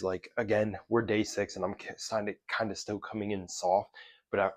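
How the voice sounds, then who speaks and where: This man vlogs in a casual, motivational way, swearing freely and restarting his sentences as the thoughts come. His voice sits low with a gravelly fry. The recording is dry and close. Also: dry recording. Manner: loose, profane, rambling with restarts. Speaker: self-development vlogger. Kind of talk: casual motivational talk to camera.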